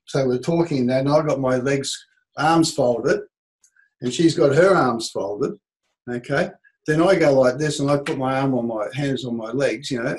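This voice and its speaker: A man's voice: a little high, poor audio. Australian man coaching a sales seminar. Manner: animated, acts out quoted speech. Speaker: business coach. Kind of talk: seminar teaching.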